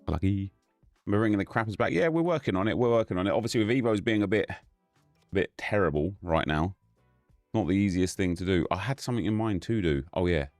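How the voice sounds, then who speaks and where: A man's voice: sits low, fairly quick, darkish tone, dry recording, soft background music. A man hosting a gaming live stream, casually greeting viewers by name in a loose, chatty way.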